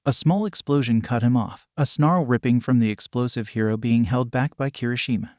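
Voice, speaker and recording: A man narrating a fan fiction story in an even, steady reading voice. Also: medium pitch, brisk, few pauses, no echo, studio quality.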